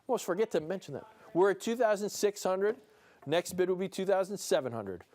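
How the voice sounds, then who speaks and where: A man's voice: on the high side, darkish tone. A man with a New Jersey accent hosts a live broadcast auction, calling bids in a playful, enthusiastic way and chuckling between calls. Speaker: auctioneer and show host. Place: studio room with a small audience.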